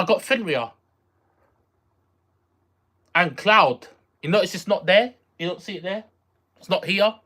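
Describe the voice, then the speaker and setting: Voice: medium pitch, pushed and bright. A streamer chatting casually with viewers on a live stream, rambling, repeating phrases and trailing off while searching for words. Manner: reacts aloud to viewer messages. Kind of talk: casual livestream chat with viewers.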